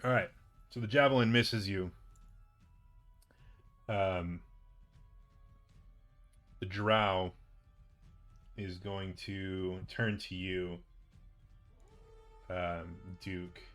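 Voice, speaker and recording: A man running a tabletop game as game master, narrating hesitantly with many pauses and restarts. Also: sits low, fairly even intonation, fairly bright tone, soft background music.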